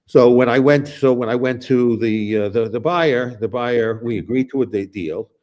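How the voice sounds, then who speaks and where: A man's voice: medium pitch, normal speed, darkish tone. A man hosting a casual political talk show, telling a long story in a rambling way with many restarts and blunt profanity. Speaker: show host.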